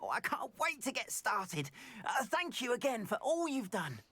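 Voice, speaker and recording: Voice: mid-range voice, normal speed, husky, dry recording, full character voice. An actor voicing a grateful male goblin merchant and painter, effusive and earnest. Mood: grateful, eager. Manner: effusive, earnest, lively swoops.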